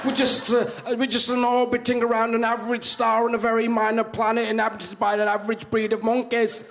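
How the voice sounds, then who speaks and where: A stand-up comedian mimicking a flat robotic voice-box speaker. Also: male voice, very high voice, fairly quick, noisy background, voice pushed up. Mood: deadpan.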